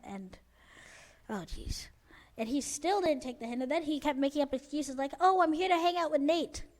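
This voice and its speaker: Teen girl, high voice, rambly exasperated storytime, says like a lot. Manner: rambling, exasperated, full of "like" fillers. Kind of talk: casual storytime vlog.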